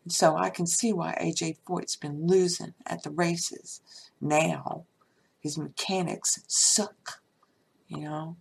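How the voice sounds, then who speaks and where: Gravelly low-voiced woman telling a story. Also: little pitch movement, takes it slowly. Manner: rambling, chatty, peppered with "you know". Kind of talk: casual personal storytelling.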